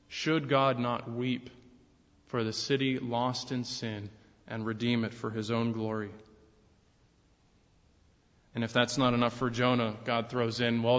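A man of middle pitch preaches a sermon, pressing his points with rising force and then dropping back to a quieter tone. His voice rings with a long reverb, as if it fills a church, and the recording sounds dull and lo-fi. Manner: emphatic preaching that swells louder and higher on key points. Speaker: pastor. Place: church sanctuary.

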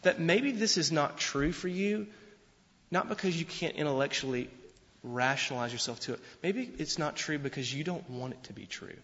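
Male pastor, sermon delivery, lively and conversational, slightly raised pitch, long hall reverb, dull sound. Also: normal speed. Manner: animated, conversational preaching with repeated restarts.

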